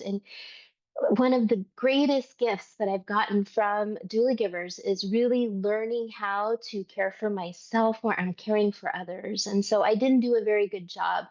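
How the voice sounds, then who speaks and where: A woman's voice: medium pitch, steady tone, moderate pace, a little mellow. Earnest woman teacher on a muffled call. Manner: emotional, earnest, with frequent ums. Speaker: lead trainer. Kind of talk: heartfelt class introduction.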